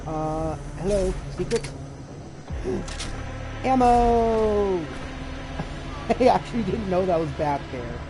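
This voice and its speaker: A streamer giving live let's-play commentary, playful and profane, breaking into loud outbursts while reading game text and reacting to the action. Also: medium pitch, lively intonation, unhurried, noisy background. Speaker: streamer playing a video game. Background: game music and sound effects.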